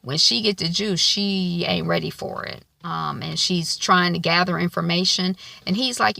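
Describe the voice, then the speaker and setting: A woman's voice: lowish voice, steady tone, normal speed, creaky, hardly any pauses, sharp tone, no echo. A woman giving a casual spoken recap of a TV episode, chatty and loose, with many filler ums. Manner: colloquial, loose grammar. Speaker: TV episode reviewer.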